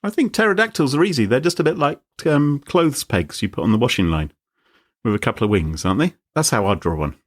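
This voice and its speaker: A man's voice: medium pitch, expressive, fast talker. A man hosting a podcast in casual chat, wry and jokey. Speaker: podcast host.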